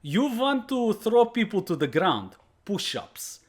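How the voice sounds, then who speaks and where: A man voicing a stern old-school karate sensei in a mock Russian accent, speaking slow, broken English with a threatening edge. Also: high voice, very animated, pitched above the performer's own voice, heavily acted. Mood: menacing.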